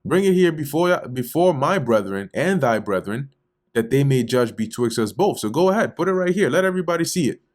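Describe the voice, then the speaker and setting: A man's voice: medium pitch, moderate pace, close to an everyday voice. A man voicing an exasperated grown shepherd who heatedly challenges his father-in-law in slangy, confrontational talk. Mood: indignant.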